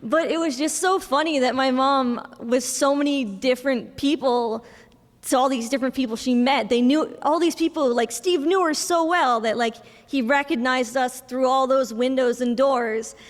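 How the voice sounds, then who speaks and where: A young woman giving a memorial speech for her mother, telling family stories with soft laughs and acting out bits of dialogue. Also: high-pitched, normal speed. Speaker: eulogy speaker, daughter of the deceased. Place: memorial service hall. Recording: long reverb of a large hall.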